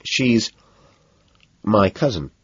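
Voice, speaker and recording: A man voicing a cool, calculating wealthy young man who speaks calmly and tersely, at times in a whisper, in a slightly muffled recording. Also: on the low side, extremely slow, husky, dry recording, heavily acted. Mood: calm, guarded. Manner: calm, clipped, sometimes whispered.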